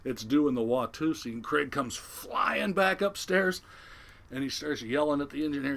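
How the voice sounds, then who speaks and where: Older man, retired fisherman, casual storytelling, animated, does voices. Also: fairly high pitch, moderate pace, vocal fry. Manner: animated yarn-spinning, acts out quoted voices. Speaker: guest, retired commercial fisherman.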